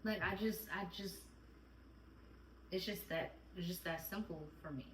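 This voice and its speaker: A woman's voice: fairly low pitch, a little slow, fairly bright tone, a little hiss or hum. A woman vlogging as a mom, talking candidly and earnestly and repeating her phrases. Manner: earnest, repeats phrases, close to tears at times. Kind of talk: candid heartfelt chat. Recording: roomy and distant home recording.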